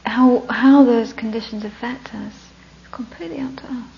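On a dull lo-fi recording with a faint background hum, a woman teaching Buddhism tells a story as the core of her talk. Her gravelly, slightly high voice keeps a steady tone at a moderate pace. She laughs between lines and slips into breathy whispers for emphasis.

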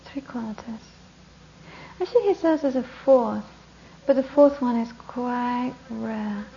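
A woman Buddhist teacher giving a talk, telling a story with lively narration that often drops to a whisper. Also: fairly high pitch, measured pace, vocal fry. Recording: dull lo-fi recording with faint hiss.

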